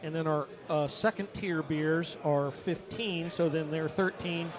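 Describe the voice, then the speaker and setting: A man's voice: on the high side, unhurried, a crowd in the background. A man who brews the beer, talking casually about prices and telling the story behind a beer's name. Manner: relaxed storytelling. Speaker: brewer. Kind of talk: casual tasting chat.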